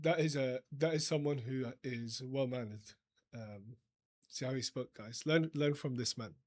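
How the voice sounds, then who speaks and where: A man's voice: medium pitch, moderate pace. A man hosting a casual debate livestream, teasing and laughing often, talking over his callers, with an accent that is not American. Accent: non-American. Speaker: livestream host.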